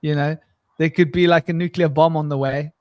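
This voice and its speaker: A man's voice: a little high, fairly even intonation, fairly quick, no echo. A man hosting a casual podcast chat, rambling and repeating words, often breaking into laughter. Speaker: podcast host.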